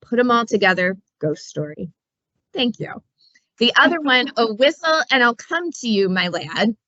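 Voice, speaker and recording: A woman's voice: a little high, big pitch swings, moderate pace, pushed and bright, no room sound, muffled recording. A woman librarian chatting casually about books, telling stories in a playful way with asides. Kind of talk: casual book talk.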